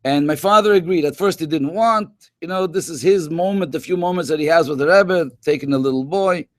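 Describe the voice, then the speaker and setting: A man's voice: a little high, a little fast, no room sound, clean studio sound. A man, a rabbi and educator, telling stories to schoolchildren in a conversational way, full of Hebrew and Yiddish terms. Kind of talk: storytelling talk to schoolchildren in a webinar.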